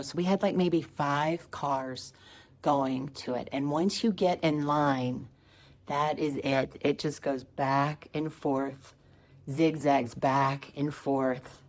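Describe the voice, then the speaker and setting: A woman's voice: sits low, darkish tone. A woman comedian telling a family holiday story in a wry, conversational way. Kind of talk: storytelling stand-up clip.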